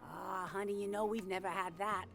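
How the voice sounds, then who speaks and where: A woman's voice: mid-range voice, steady tone, moderate pace, gravelly, music in the background, close to an everyday voice. Older small-town cafe owner for an actress: motherly, chatty, a little nosy. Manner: gossipy, sweet, calls people dear and hun.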